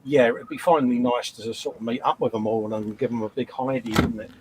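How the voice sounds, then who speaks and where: A man's voice: medium pitch, fairly even intonation, a little fast, a little mellow, a little hiss or hum, rough recording. A man chatting casually during a game stream, laughing along and adding jokes. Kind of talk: casual chat over gameplay.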